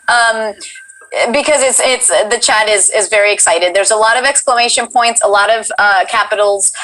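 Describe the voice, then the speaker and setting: Bubbly bright-voiced woman hosting a stream. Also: fairly high pitch, moderate pace, poor audio. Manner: bubbly, gushing, reads chat aloud. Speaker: host. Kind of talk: casual livestream chat.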